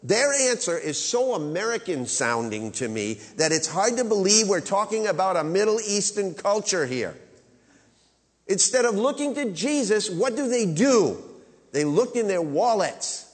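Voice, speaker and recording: Male pastor, emphatic sermon delivery, voice sits a bit high, long reverb from a big sanctuary. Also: sing-song, measured pace. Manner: emphatic preaching, swinging from loud high peaks to low quiet asides. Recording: long reverb of a large hall.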